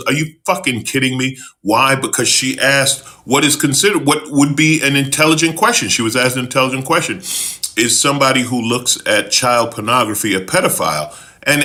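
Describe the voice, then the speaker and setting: Forceful low-voiced man ranting. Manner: profane, repeats words in outbursts. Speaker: host. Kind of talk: heated political rant.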